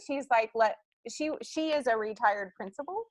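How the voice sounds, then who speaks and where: A woman's voice: a little high, moderate pace, no room sound, poor audio. A woman in her thirties, a guest in a casual interview, telling stories in a chatty way with lots of fillers. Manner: chatty storyteller, many fillers, acts out quotes. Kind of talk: casual chat.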